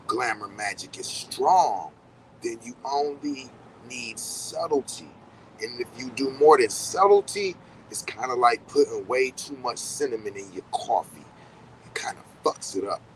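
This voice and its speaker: A man talks in a loose, rambling way and swears casually. He acts out little reactions as he goes, at a medium pitch. Faint traffic and street noise sit in the background. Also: lively intonation, a little slow, poor audio. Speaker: podcast host. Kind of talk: casual spiritual talk.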